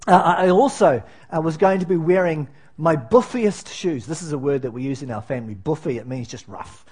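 A man's voice: on the high side, a little fast, darkish tone, slightly rough. A man preaching as pastor in a church, conversational and self-deprecating, with many fillers and restarts. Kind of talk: sermon.

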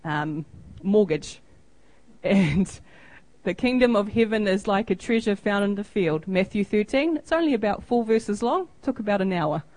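A woman's voice: mid-range voice, expressive, unhurried, darkish tone, no echo, low-quality recording. Chatty New Zealand woman in her thirties. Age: 30s. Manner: chatty, self-deprecating, acts out quoted exchanges. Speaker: missionary giving a church report. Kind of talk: informal presentation with photos.

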